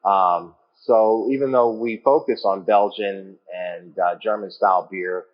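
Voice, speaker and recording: Calm low-voiced man, brewery guest. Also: lo-fi sound. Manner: calm, measured, with frequent "you know" and "um". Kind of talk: casual interview answers. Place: his brewery taproom.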